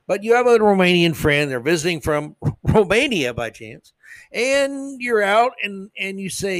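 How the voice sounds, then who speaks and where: A man's voice: sits high, sing-song, measured pace, dry recording. A man hosting a podcast, delivering a sarcastic, mock-outraged comedic monologue into a close microphone. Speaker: podcast host.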